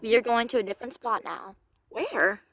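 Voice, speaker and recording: A woman narrating a playful doll role-play in an excitable voice, gasping and exclaiming as she goes. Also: fairly high pitch, moderate pace, over music.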